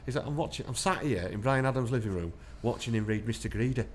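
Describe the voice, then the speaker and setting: A man's voice: mid-range voice, fast, a little hiss or hum. A man, an army veteran guest telling chatty anecdotes in an interview and laughing through his stories. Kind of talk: casual storytelling interview.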